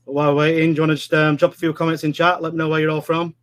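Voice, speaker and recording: A man's voice: a little high, little pitch movement, very fast, a bit bright. A man with a Yorkshire accent co-hosting a live webinar, chatting casually and joking with viewers, calling everyone "mate". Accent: Yorkshire English. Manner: chatty, jokey, says "mate" a lot. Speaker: webinar co-host. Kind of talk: casual live-stream chat.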